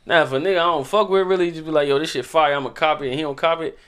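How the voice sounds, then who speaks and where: Young man, AAVE, quick delivery, emphatic, slangy, casual podcast chat. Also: fairly high pitch, fairly even intonation, a bit bright, clear, resonant tone. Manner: emphatic, slangy, repeats "you know what I'm saying".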